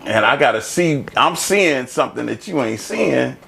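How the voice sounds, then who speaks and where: A man hosting a casual panel discussion, animated and laughing often as he talks. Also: mid-range voice, normal speed, gravelly, a little hiss or hum. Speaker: podcast host.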